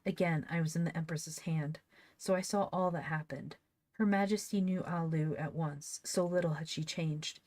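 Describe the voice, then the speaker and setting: Woman, low-pitched, dry recording, casual read-aloud, wry asides. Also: steady tone, normal speed, a little mellow, no room sound. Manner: reads plainly, breaks off to laugh and comment. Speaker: reader of an old book.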